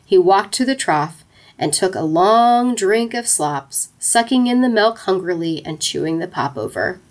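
Expressive woman reading a storybook aloud. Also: mid-range voice, unhurried. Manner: expressive, playful. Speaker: narrator.

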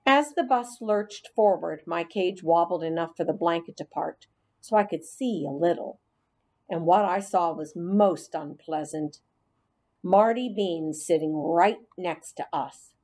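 A woman's voice: on the low side, unhurried, a little mellow. A woman narrating a children's storybook in the first person as a hamster, reading expressively.

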